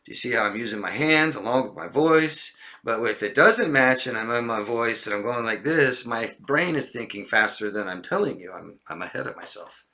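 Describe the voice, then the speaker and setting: A man with a bright, forward voice explains body language to camera. He talks casually and keeps breaking into short acted lines that show how liars sound. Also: medium pitch, lively intonation, normal speed, hardly any pauses. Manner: demonstrative, acts out liars' lines in a raised voice. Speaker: coach.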